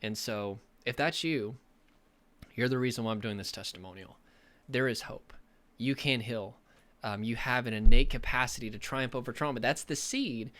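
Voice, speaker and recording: Brief: male recovery coach, motivational talk to camera, earnest and emphatic, mid-pitched voice. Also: moderate pace, bright, forceful tone.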